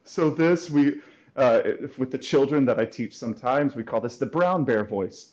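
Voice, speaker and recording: A man speaking as a voice coach in a casual interview, explaining lively and demonstrating sounds as he goes. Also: mid-range voice, a little slow, dull audio. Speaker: voice coach and guest.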